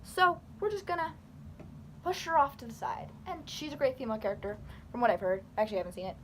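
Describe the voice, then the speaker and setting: Young woman, rambling vlogger, bit high-pitched, faint background hiss. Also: quick pace. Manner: rambling, animated, filler-heavy; talks with her hands. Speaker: YouTuber. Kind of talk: casual talking-head commentary.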